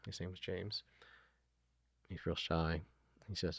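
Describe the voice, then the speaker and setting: A man's voice: sits low, level tone, moderate pace, long pauses, darkish tone, no echo. A middle-aged man talking earnestly as an interview guest, retelling conversations with plenty of ums and you-knows. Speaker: guest, food nonprofit founder.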